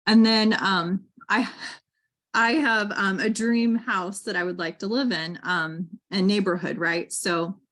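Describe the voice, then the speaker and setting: A woman's voice: medium pitch, fairly even intonation, a little slow, a bit bright. A woman hosting a casual conversation, chatting loosely with many fillers. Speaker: podcast host. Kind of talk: casual chat.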